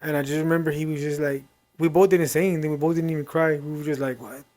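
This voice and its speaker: Brief: young man, slightly higher voice, halting and emotional personal storytelling. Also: fairly even intonation, darkish tone. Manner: halting, choked up, apologetic. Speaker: podcast co-host, brother.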